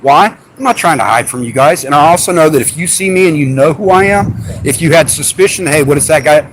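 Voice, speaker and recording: A man's voice: a little high, animated, a little fast, noisy background. A man, frustrated and insistent, making a complaint to a police officer on a live stream. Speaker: citizen auditor filing a complaint. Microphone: phone live stream.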